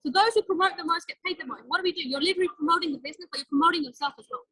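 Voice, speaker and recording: Woman coaching a sales team, talks super fast and direct, dry close sound. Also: very high voice, a bit bright, no echo, rough recording. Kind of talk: motivational training talk.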